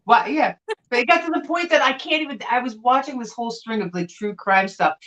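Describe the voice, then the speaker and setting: A middle-aged woman chatting casually as co-host of a live vintage sale from a room at home, telling stories in an animated way. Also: fairly high pitch, fairly quick, dull audio. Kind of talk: casual chat. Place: home room with window blinds.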